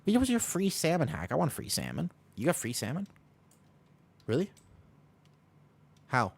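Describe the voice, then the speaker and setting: A man's voice: on the high side, wildly swooping pitch, moderate pace, gravelly, breathy edge. A man chatting casually to viewers while streaming a game, rambling and joking about himself. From United States. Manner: rambling, self-deprecating, jokey asides to chat. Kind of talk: casual gaming stream chat.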